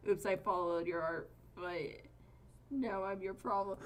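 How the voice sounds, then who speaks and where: A woman's voice: medium pitch, steady tone, a little slow. A woman streamer chatting casually with viewers while she draws, rambling and swearing freely. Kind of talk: casual live-stream chat while drawing.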